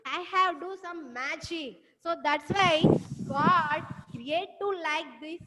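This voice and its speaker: A woman teaching an online English lesson in a Telangana Indian English accent, her voice sitting high. She explains slowly and circles back over the same words. The audio has a long echo and clear background noise.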